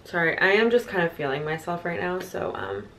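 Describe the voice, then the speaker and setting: A young lifestyle vlogger chats casually to her camera at home, in the kitchen and indoors, with a lowish, expressive voice and a slightly fast pace. She pokes fun at herself and fills her speech with fillers.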